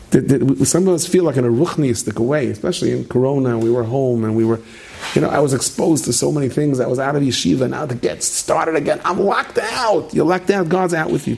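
Middle-aged male rabbi, gravelly and husky, loose storyteller who keeps restarting and quizzing the room. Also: medium pitch, mellow. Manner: rambling storyteller, many restarts, asks the room questions. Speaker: rabbi teaching a class. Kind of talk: late-night Torah lecture to students.

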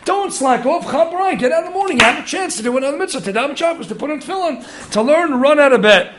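Very high-voiced man teaching Torah. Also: quick pace, noisy background. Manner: animated, urging, heavy with Hebrew and Yiddish terms. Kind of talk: Torah study lecture.

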